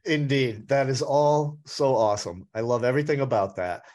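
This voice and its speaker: A man's voice: mid-range voice, moderate pace, darkish tone. A man hosting a food podcast and radio show, talking in an upbeat, chatty way and leaning playfully on words. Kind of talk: casual interview chat.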